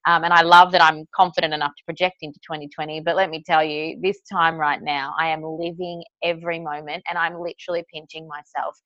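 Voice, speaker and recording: A woman's voice: deep voice, level tone, fairly quick, hardly any pauses, a bit bright, no room sound. A woman co-hosting a casual podcast chat, talking in an effusive, emotional way over a dull remote line. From Australia. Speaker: podcast co-host.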